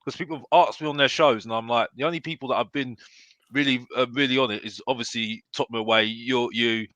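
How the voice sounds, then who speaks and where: Fired-up man with a bright, dry voice. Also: medium pitch, fairly even intonation, fast talker, no echo, muffled recording. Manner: emphatic, keeps asking "yeah?"; blunt and fired up. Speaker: football fan pundit guest. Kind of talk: casual debate chat.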